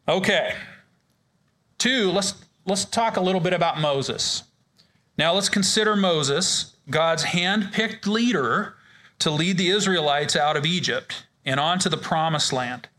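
A man's voice: a little high, pushed and bright. A man leading a men's ministry Bible study in a casual, joking way, often restarting his sentences. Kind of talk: informal Bible study teaching.

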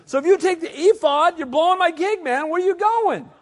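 A man's voice: very high voice, a little fast, pitched above the performer's own voice. A man voicing a greedy, indignant small-time priest, pleading.

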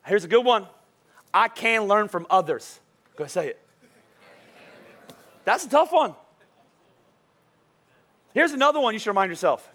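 A middle-aged male pastor preaching a lively, joking sermon in church, urging the congregation to repeat lines after him. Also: very high-pitched, normal speed, long pauses. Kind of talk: lively sermon with call-and-response. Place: church service before a congregation.

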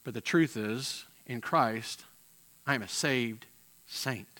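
A man preaching a sermon with passion, swinging from loud emphatic peaks to quiet, intense moments and often repeating words as he restarts phrases. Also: medium pitch, slow pace. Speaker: pastor.

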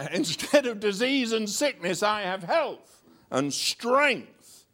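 A man's voice: high-pitched, sing-song, slow pace, pushed and bright. A male pastor preaching a sermon, reading scripture and joking with a chuckle between verses.

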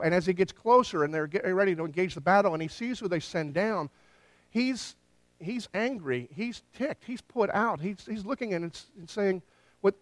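A man delivers a sermon with a slightly higher pitch than most men, and his voice is captured dry and close with little room sound. He tells the story with animated energy and briefly acts out the quoted lines. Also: no echo. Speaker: pastor.

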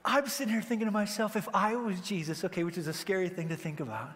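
High-voiced joking preacher in a reverberant hall. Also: male voice, quick pace. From Wyoming, United States. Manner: animated, joking, acts out quoted voices. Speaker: pastor. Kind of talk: sermon.

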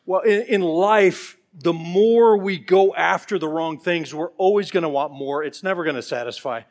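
A man's voice: fairly high pitch, moderate pace. A middle-aged man preaching a sermon, earnest and pleading, telling stories along the way. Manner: earnest and pleading, with storytelling asides.

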